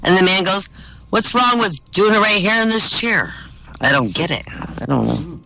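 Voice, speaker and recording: A man doing stand-up, telling one-liners and short jokes with deadpan punchlines over voice chat. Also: high-pitched, normal speed, vocal fry, low-quality recording. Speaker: stand-up comic. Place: virtual-world comedy venue, voice chat.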